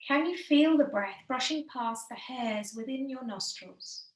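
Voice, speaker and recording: A woman leading a guided breathing and posture lesson in a slow, soothing, gently encouraging way. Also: high-pitched, roomy sound, low-quality recording.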